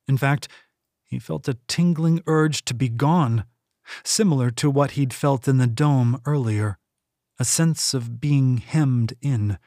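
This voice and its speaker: Man reading an audiobook, slow and steady, dry close sound. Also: mid-range voice, dry recording. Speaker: audiobook narrator. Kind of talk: scripted narration.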